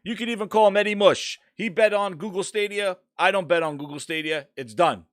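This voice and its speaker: A man hosting a casual gaming podcast, ranting loudly and swearing as he talks through the news. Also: sits high, a little fast, no echo, studio quality. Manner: ranting, profane, animated. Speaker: podcast host.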